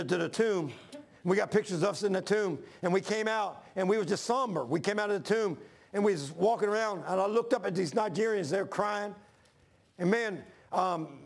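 A man's voice: sits high, creaky. A man in his sixties preaching a folksy, repetitive sermon to his church. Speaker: pastor.

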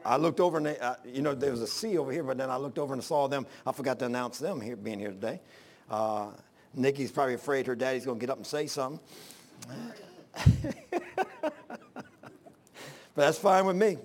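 An older man pastor giving an informal sermon, telling folksy stories with loud exclamations and chuckles. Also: medium pitch, brisk, pauses often.

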